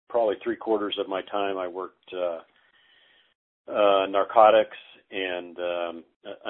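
A middle-aged man telling stories casually as a guest, halting, with many fillers and restarts. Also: low voice. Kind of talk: casual storytelling interview. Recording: phone-like narrow audio.

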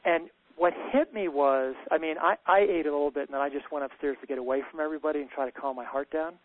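Man, earnest storyteller, somewhat high voice, restarts his sentences, thin phone-line sound. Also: fast talker, dry recording. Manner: earnest, stammers and restarts often. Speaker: men's retreat leader sharing a story. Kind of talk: candid storytelling conversation. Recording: tinny phone-like dry sound.

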